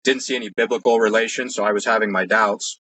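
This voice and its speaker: A man whose voice sits on the low side talks fast, with a sharp tone and fairly even intonation. The poor audio carries a little hiss or hum. As an interview guest, he casually and earnestly rambles through personal experiences, using "like" often and restarting frequently.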